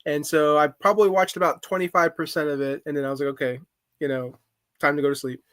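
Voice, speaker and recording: Hesitant bright-voiced man chatting. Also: on the high side, little pitch movement, fast talker, no echo, studio quality. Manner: hesitant, many fillers and restarts. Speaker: podcast co-host. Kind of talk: casual chat.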